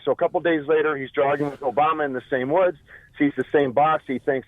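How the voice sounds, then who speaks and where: A man's voice: medium pitch, fast, no room sound. Male radio caller, mid voice, tinny phone line, chatty joke-teller. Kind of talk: phone-in call. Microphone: telephone.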